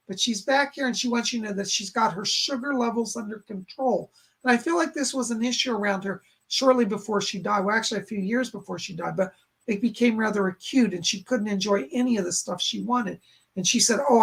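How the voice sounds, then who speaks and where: A man's voice: high-pitched, creaky, fairly bright tone, husky. A man hosting a live stream as a psychic medium, chatting reassuringly as he reads chat questions aloud and passes on messages. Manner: chatty and reassuring, with many "and she said" asides.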